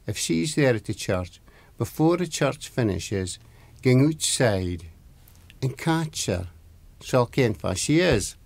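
A man's voice: medium pitch, expressive, takes it slowly, vocal fry, darkish tone, no echo, exaggerated voice. A man with an Aberdeen Scottish accent voicing a young prince who is falling in love. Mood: smitten. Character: young male prince, smitten and eager.

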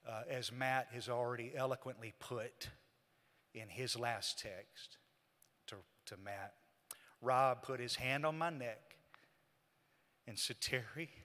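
A man giving a eulogy for his brother at a church memorial service, telling the story in a halting, emotional way and quoting their conversations. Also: medium pitch, bright, forceful tone. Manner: halting, emotional retelling with quoted dialogue. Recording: echoey church hall.

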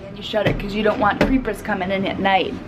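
A woman's voice: medium pitch, little pitch movement, quick pace, heavy background noise. A young woman vlogging casually from a hotel room, bubbly and goofy, talking to herself into a handheld camera.

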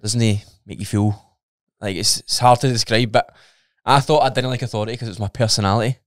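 A man's voice: on the low side, fairly even intonation, fast, no echo, clean studio sound. A Scottish man chatting casually as a guest on a podcast, talking bluntly with plenty of swearing.

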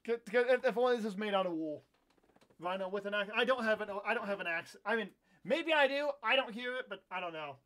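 A young American man with a notably high voice, streaming a game live. He rambles and corrects himself as he chats, breaking into excitable outbursts now and then. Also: fast. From United States. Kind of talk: casual live-stream chat while gaming.

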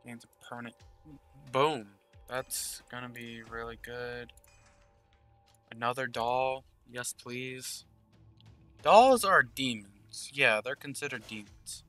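Over faint background music, a man hosting a gaming channel chats casually about his gameplay, thinking out loud and murmuring the game's text. He has a mid-range, slightly bright voice and speaks slowly.

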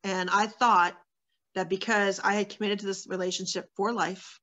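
A woman's voice: medium pitch, flat delivery, moderate pace, bright, forceful tone. A woman sharing her personal testimony as a guest, in a candid, earnest storytelling manner with many fillers.

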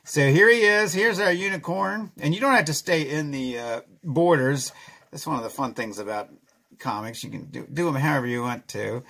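A man's voice: fairly high pitch, normal speed, gravelly, pushed and bright. A middle-aged man chatting casually through a drawing tutorial, self-deprecating and chuckling as he goes. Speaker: children's author drawing a comic.

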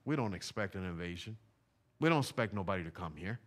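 A pastor with a low, expressive voice preaches a sermon in a church sanctuary, talking fast. His style is loose and conversational, with slang and repeated phrases.

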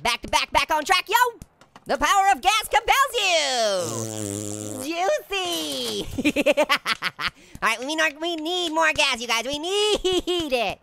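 A man's voice: extremely high pitch, very animated, slow, vocal fry, bright, forceful tone, a little hiss or hum, exaggerated voice. A man voicing a cheeky, hyper male talking orange who giggles and wisecracks through comedic game commentary. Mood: goofy. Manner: giggly, wisecracking, constant laughing. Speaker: gameplay commentator.

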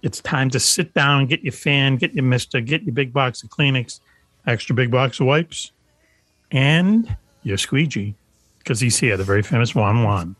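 A man's voice: mid-range voice, normal speed, a bit bright, no room sound. A man hosting a radio show over a video call, introducing his co-hosts with playful jokes. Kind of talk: casual banter on a radio show.

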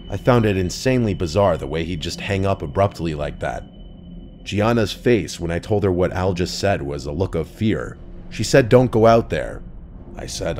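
A man narrating a true horror story in a calm, measured, scripted way. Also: low voice.

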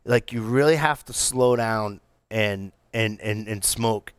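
A middle-aged man co-hosting a casual podcast, telling stories with excitable energy and plenty of restarts and fillers. His voice is smooth and resonant. He is recorded dry and close, with no room sound. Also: on the low side, takes it slowly, no echo. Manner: excitable, animated storytelling with many restarts and fillers. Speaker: podcast co-host reviewing cigars. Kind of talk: casual chat.

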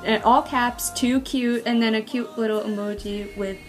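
Bubbly young woman vlogger, casual fan chat, gushing, fairly high voice, light music underneath. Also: fairly even intonation, moderate pace. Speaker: vlogger reviewing a web drama.

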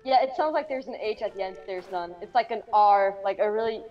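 A soft-spoken woman from Luxembourg chats in English, her first language being Luxembourgish. She comes through a muffled call from some distance off the mic. Faint music plays underneath her voice. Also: mid-range voice, fast. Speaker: stream guest. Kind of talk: casual chat on a call.

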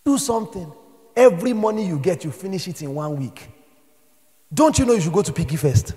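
A Nigerian man preaching a sermon as pastor, moving between quiet storytelling and shouted exhortation. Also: high voice, expressive, a little fast, long reverb tail.

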